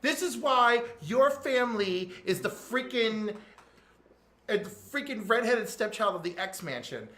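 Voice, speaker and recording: A man's voice: high voice, animated, measured pace, sharp tone. A man co-hosting a casual comics chat, throwing in sarcastic, teasing quips. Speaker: podcast co-host. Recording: echoey room with faint noise.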